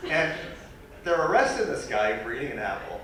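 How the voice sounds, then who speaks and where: A man telling a funny personal story as a guest speaker at a university lecture, animated and self-deprecating. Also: mid-range voice, fairly quick, heavy background noise. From New York. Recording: echoey hall recorded from far off.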